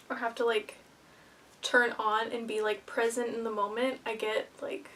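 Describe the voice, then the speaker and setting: A woman's voice: fairly high pitch, steady tone, normal speed, pauses often, sharp tone, distant mic, slight background noise. A young woman vlogging to camera, nervous and rambling, a little out of breath. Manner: nervous, rambling, self-deprecating, with filler words. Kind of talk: casual vlog talk to camera.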